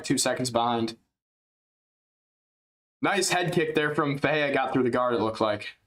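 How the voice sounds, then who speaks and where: Male streamer calling a fight live, loose and chatty, mid-pitched voice, spikes up on big hits. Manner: rambling, chatty, jumps up in excitement at big strikes; drowsy and yawning at times. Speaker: livestream fight commentator. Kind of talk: casual live play-by-play commentary.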